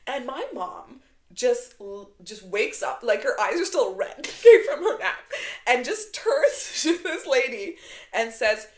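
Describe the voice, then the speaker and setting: Kobieta opowiadająca z ożywieniem, echo pokoju. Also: female voice, on the high side, measured pace. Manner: animated storyteller, acts out quotes. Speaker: podcast co-host. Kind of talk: casual chat.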